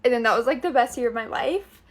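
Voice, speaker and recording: A young woman tells a casual storytime in a chatty, filler-heavy way. Her voice sits somewhat high. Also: lively intonation, fast talker.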